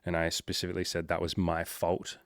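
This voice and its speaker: A man's voice: deep voice, completely flat delivery, brisk, creaky, dry recording, studio quality. A man talking as a life coach, giving casual motivational advice in a blunt, direct, often profane way.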